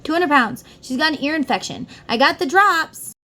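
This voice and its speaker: A woman's voice: sits high, expressive, normal speed, sharp tone. A middle-aged woman giving a casual tarot reading, talking earnestly and straight to the listener. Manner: earnest, heartfelt, addresses the listener directly. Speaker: tarot reader.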